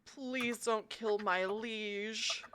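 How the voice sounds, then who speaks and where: A woman voicing a grave male horse who warns the party about a war, slow and solemn. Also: fairly high pitch, sharp tone, a little hiss or hum, exaggerated voice. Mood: sad.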